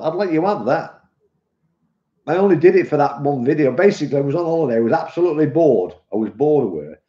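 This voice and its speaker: A man's voice: a little high, animated, quick pace, dark tone. Chatty British man, rambling live stream. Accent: British English. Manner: rambling, chatty, addresses viewers as "mate". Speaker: vape reviewer and live streamer. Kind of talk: casual live-stream chat. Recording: muffled, echoey room.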